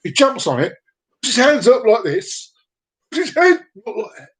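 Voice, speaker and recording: A man's voice: extremely high pitch, sing-song, moderate pace, poor audio. A man hosting a casual live comedy show, chatty and playful, giggling at his own jokes. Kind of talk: casual joke-telling.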